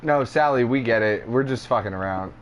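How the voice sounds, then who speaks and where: A man's voice: mid-range voice, fairly quick, slight background noise. A man with a Californian accent, co-hosting a casual podcast, rambling and laughing as he swears. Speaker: podcast co-host. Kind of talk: casual banter.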